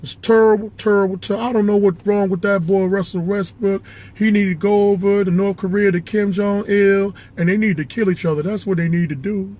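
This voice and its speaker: A man's voice: high-pitched, fairly even intonation, brisk, darkish tone, close to an everyday voice. A man impersonating a blustery, ranting basketball pundit who keeps calling out to his co-host. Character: loud gruff male basketball pundit.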